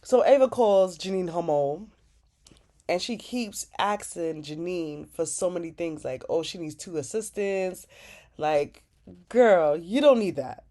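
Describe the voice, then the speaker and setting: A woman's voice: fairly low pitch, a little slow. A young woman hosting a casual vlog, chatting animatedly and saying "like" a lot as she recaps an episode. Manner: chatty, animated, heavy use of "like". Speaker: channel host recapping a TV episode.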